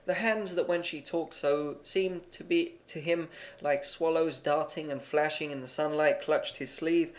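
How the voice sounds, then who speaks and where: A man narrating a short story in a plain, measured amateur audiobook reading, with occasional stumbles. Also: a little high, fairly even intonation.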